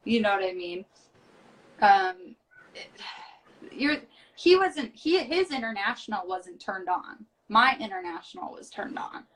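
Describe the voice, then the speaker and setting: A worn-out woman from the United States chats frankly on a live stream, dropping swear words without fuss. She sits a fair way from the mic in a small storage room, so her voice sounds distant. Her pitch stays in an ordinary middle range. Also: lively intonation, a little slow, pauses often. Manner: chatty, blunt, swears casually. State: tired. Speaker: reality show cast member as guest. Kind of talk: casual live-stream chat. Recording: voice from far off the mic.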